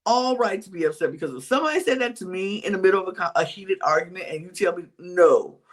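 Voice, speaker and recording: Talking fast at medium pitch, a podcast co-host recaps reality TV in casual chat. Their storytelling is animated, with quotes acted out.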